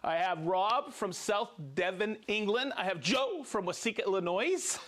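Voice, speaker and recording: Upbeat guy hosting a live tool stream, high voice, chatty, reads off viewer names. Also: expressive, moderate pace, fairly bright tone. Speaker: show host demonstrating tools. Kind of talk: casual live-stream chat and demonstration.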